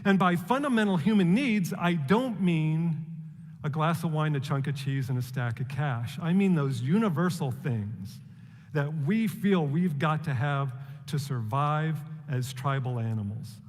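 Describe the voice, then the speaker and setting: A man giving a prepared public talk, measured and deliberate, asking rhetorical questions. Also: a little high, big-room sound.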